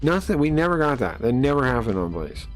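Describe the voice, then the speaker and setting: Male streamer, mid-pitched, venting at a desk mic, faint music underneath. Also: very animated, brisk. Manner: exasperated, incredulous, talks to chat with many fillers. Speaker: live streamer. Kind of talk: casual live-stream rant.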